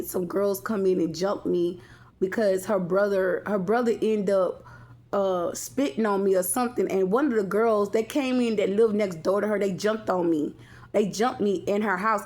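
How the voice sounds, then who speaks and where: A woman's voice: mid-range voice, a little mellow. A woman vlogger telling a personal story in a casual, rambling way, with many restarts and asides to her viewers.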